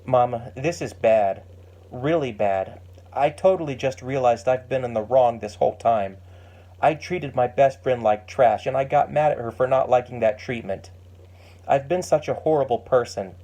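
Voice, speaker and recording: A man's voice: medium pitch, normal speed, warm tone, lightly acted. A man voicing a young woman who earnestly apologizes to her best friend in a story. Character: remorseful young woman, warm and eager friend.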